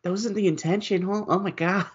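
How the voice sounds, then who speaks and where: A man who works as a voice actor, chatting casually on a podcast, animated and profane, laughing often. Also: sits high, moderate pace, dull audio. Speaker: voice actor guest.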